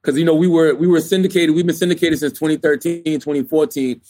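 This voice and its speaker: A man from South Carolina, a radio host guesting on an interview, talking in a relaxed, chatty way. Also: fairly high pitch, fast talker. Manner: relaxed, chatty, many fillers like "you know". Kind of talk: candid interview conversation.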